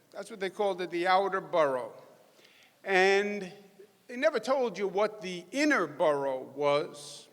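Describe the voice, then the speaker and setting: A man with a Queens accent delivers a punchy, folksy speech in a large hall with long reverb. His voice sits high and sounds forceful and bright as he rouses the audience. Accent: New York, Queens. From New York. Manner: folksy, emphatic, punchy crowd-rousing delivery. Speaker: politician giving a speech. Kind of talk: rally speech.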